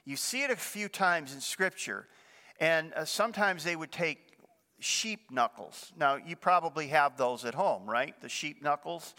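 An older man preaches to his congregation in a relaxed, chatty way, often asking them questions. His voice sits a little high and rings brightly. A long reverb from the church sanctuary hangs after his words. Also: unhurried. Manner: conversational, asks the congregation questions. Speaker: pastor. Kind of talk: sermon.

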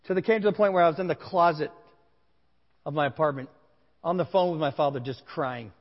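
A male pastor giving a sermon to a congregation, telling a candid personal story in a conversational way. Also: fairly high pitch. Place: large room with a congregation. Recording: dull sound with long hall reverb.

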